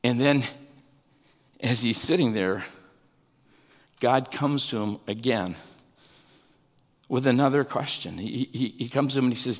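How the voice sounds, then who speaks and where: A man preaching a sermon, animated, his pitch rising and falling with emphasis. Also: measured pace, pauses often, in a large hall. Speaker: pastor.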